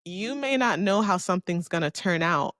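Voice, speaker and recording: A young adult Miami, Florida woman hosts a casual solo podcast in a fairly low, expressive, fairly bright voice at normal speed, captured dry with clean studio sound. Telling a story, she's candid and chatty, cursing freely and muttering to herself.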